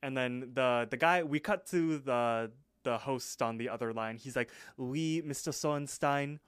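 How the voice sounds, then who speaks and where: A man's voice: medium pitch, steady tone, moderate pace, a bit bright, clean tone, dry recording. A man co-hosting a podcast, recapping casually, rambling with fillers. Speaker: podcast co-host.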